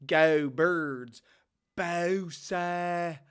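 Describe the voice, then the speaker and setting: A man putting on an exaggerated mock Philadelphia accent as a loud, blustery sports-fan guy, drawing out his words. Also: sits high, extremely slow, clean tone, voice pushed up, exaggerated voice. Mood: brash.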